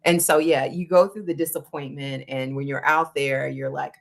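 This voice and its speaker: Woman with a low voice chatting about her coach, lively storyteller, quotes people a lot. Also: moderate pace, vocal fry. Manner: animated storytelling, acts out quoted dialogue. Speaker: guest, endurance runner. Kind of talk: casual interview conversation.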